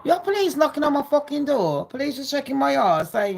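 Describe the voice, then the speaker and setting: A woman's voice: sits high, big pitch swings, brisk, vocal fry, darkish tone, a little hiss or hum. Foul-mouthed woman ranting. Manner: profane, sarcastic, scornful. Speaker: gossip vlogger. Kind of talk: ranting casual monologue.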